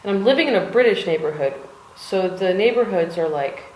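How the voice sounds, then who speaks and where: An American woman talking in a loose, rambling way, full of fillers and the occasional curse. Her voice sits at an ordinary middle pitch. The room around her is bare and echoey, like a chilly home art studio. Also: expressive, brisk, slight background noise. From United States. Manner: chatty and rambling, swearing, with many fillers. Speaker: vlogger. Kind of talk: rambling casual chat.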